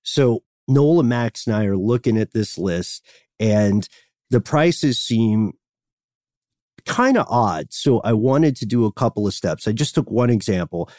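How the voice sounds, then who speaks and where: A man's voice: fairly low pitch, lively intonation, a little slow, a little mellow, no room sound, clean studio sound. A man co-hosting a history podcast, telling the story in a playful, joking way. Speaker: podcast co-host. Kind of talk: casual history podcast chat.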